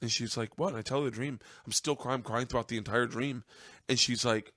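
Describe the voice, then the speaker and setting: A man hosting a podcast, telling an emotional story in casual chat, his voice climbing high as he gets choked up. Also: fairly even intonation, a little fast, a bit bright. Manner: emotional, voice rising high as he tears up. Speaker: podcast host.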